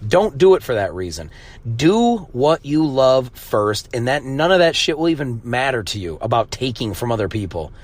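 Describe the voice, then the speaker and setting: Guy ranting solo on his podcast, swears a lot, blunt and casual, normal pitch. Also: very animated, fast, few pauses. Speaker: podcast host. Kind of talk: casual monologue.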